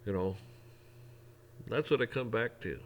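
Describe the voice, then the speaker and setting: A man's voice: fairly low pitch, measured pace. A middle-aged man talking in a casual, folksy way, rambling through an opinion monologue with frequent restarts. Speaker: vlogger.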